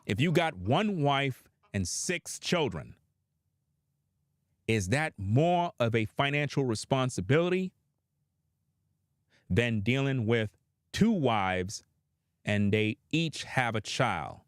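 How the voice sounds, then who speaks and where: A man's voice: mid-range voice, lively intonation, slow pace, pauses often, no echo, studio quality. Blunt, profane commentator man. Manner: blunt, profane, preachy, addresses viewers as guys. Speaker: reaction commentator. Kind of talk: opinionated commentary.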